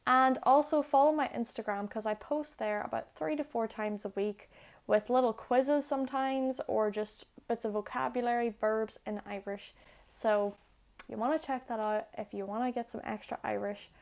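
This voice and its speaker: A young woman explaining grammar step by step, patient and clear, in a video lesson. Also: on the high side, steady tone, normal speed, a little mellow. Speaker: Irish language teacher.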